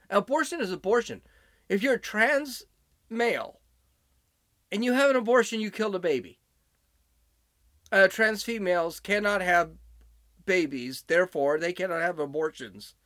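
A man talks through clips he plays, indignant and sarcastic in his commentary. His delivery is slow, with a very lively pitch that swings as he mocks. The sound is dry and close. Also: dry recording. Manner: indignant and sarcastic, mocking voices. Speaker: political commentator. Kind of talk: opinion commentary on played clips.

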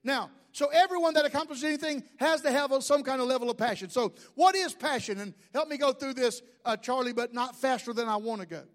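A man's voice: very high-pitched, a little fast, few pauses. A man, a pastor, preaching a sermon with jokes and asides to the congregation.

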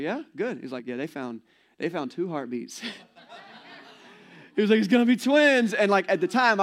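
A man in his forties gives a sermon in a slightly higher voice than most men. His tone is chatty and playful, and he often slips into little acted-out voices. It sounds like a pastor talking easily to his congregation. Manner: conversational, playful, acts out quotes.

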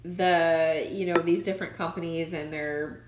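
A woman co-hosting a casual chat, telling stories in a chatty, animated way full of "like". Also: low voice, measured pace, background noise. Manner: chatty, animated storyteller with frequent "like". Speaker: podcast co-host. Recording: roomy echo.

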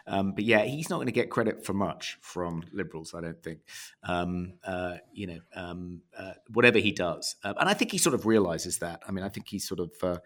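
A man's voice: low-pitched, lively intonation, fairly quick, fairly bright tone. A man co-hosting a podcast, chatting casually and hesitating with many ums and uhs. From England. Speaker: podcast co-host. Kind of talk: casual chat and read sponsor ad.

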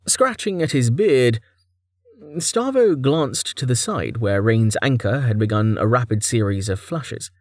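A man narrating a fantasy audiobook chapter with expressive storytelling. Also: medium pitch, normal speed, no echo, clean studio sound. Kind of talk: scripted narration.

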